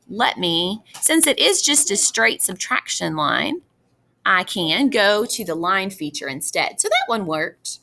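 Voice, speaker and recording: A woman's voice: mid-range voice, sing-song, a little slow, sharp tone. A woman teacher talking students through a math example, patient and encouraging. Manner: patient, encouraging, addresses students as boys and girls. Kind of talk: classroom math lesson walkthrough.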